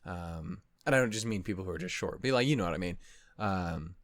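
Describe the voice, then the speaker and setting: A man's voice: low voice, animated, brisk, dry recording. A man hosting an anime reaction channel, chatting casually to viewers in a rambling, self-deprecating way. He swears a lot and keeps getting sidetracked. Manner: easily sidetracked, loses his train of thought. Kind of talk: casual wrap-up chat to viewers.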